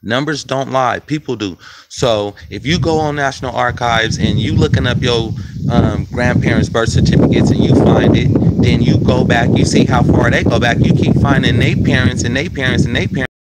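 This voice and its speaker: A man's voice: mid-range voice, steady tone, normal speed, very noisy. Guy, just chatting loose at his viewers, calls em y'all. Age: 40s. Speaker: video host. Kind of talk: casual talk to viewers.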